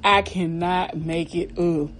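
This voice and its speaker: A woman hosting a comedy podcast, telling a family story in a profane, slangy, animated way while out of breath. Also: on the low side, slow. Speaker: podcast host. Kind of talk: comic storytelling.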